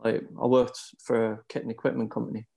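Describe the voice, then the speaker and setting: Middle-aged British male guest, gravelly and flat in delivery, relaxed and halting chat. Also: medium pitch. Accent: British English. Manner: laid-back, hesitant, many fillers. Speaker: podcast guest. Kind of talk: casual podcast chat.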